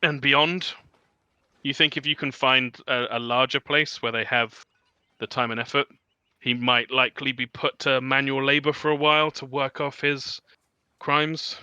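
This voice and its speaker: Brief: relaxed male game master, crisp and bright. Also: mid-range voice, unhurried, dry recording. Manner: relaxed, with frequent ums and laughs. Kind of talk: narrating a tabletop game.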